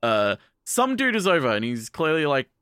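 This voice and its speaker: A man's voice: a little high, wildly swooping pitch, moderate pace, fairly bright tone, smooth, no echo, studio quality. A man co-hosting a podcast, retelling an anime episode in a rambling, profane, casual way. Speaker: podcast co-host.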